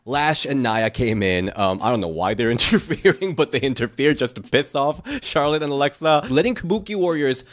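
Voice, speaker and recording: A man co-hosting a wrestling chat show, recapping events in a giggly, animated way. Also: mid-range voice, brisk, hardly any pauses. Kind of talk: casual chat.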